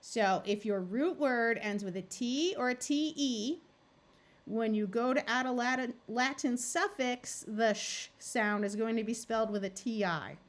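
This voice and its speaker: A woman tutor giving a recorded phonics lesson, explaining each step patiently and sounding words out clearly. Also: on the high side. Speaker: reading tutor.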